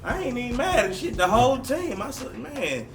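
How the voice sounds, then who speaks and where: A man's voice: extremely high pitch, sing-song, normal speed, a bit bright. A man hosting a casual podcast interview, talking in a hyped way and repeating his favorite phrases. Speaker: podcast host.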